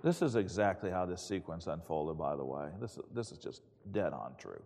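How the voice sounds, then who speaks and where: A man's voice: low-pitched, lively intonation, normal speed, gravelly, darkish tone. Middle-aged male pastor, candid storytelling sermon, self-mocking, long hall reverb. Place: chapel.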